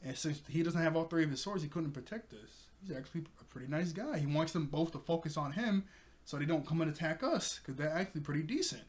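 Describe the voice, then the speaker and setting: A man's voice: fairly high pitch, fast talker. A man casually recapping an anime episode, retelling character lines with lots of fillers. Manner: animated retelling with quoted character lines and laughs. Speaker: anime reviewer.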